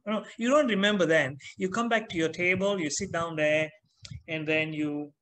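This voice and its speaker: Middle-aged guy teaching online, high voice, chatty, keeps quizzing the class. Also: lively intonation, fairly quick, a bit bright, rough recording. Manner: chatty, asks the class questions. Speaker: trainer.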